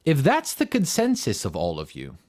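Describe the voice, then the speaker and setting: A man's voice: medium pitch, wildly swooping pitch, normal speed, darkish tone. A man giving an impassioned, combative monologue in answer to audience questions, firing off rhetorical questions and swearing for emphasis.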